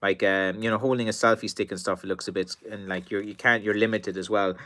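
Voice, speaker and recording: Irish guy rambling on a live stream, tired worn voice, coughs now and then, lower pitch but a bright forceful edge. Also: fairly even intonation, fast talker. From Ireland. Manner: rambling, many fillers and restarts. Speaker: stick maker answering live chat. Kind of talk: casual live-stream chat.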